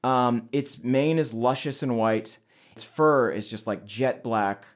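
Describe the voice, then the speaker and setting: A man narrating a tabletop game as game master, in a playful, relaxed way with frequent laughter. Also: mid-range voice, slow.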